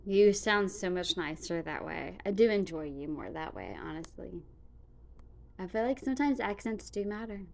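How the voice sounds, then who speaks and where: Chatty woman vlogger, slightly low voice. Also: big pitch swings, moderate pace, gravelly. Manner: chatty, rambling, with frequent fillers like "like". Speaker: reaction vlogger. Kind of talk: casual chat to viewers.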